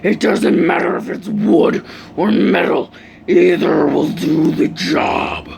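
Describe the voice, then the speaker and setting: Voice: medium pitch, slow pace, vocal fry, a little mellow, a little hiss or hum. A storyteller voicing an enraged teenage boy hero who snarls his lines. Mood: commanding.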